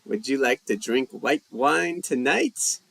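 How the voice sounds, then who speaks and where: Slow, easygoing man hosting live chat. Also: medium pitch, gravelly, husky, no room sound. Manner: slow, relaxed, thinking aloud while reading chat. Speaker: language livestream host.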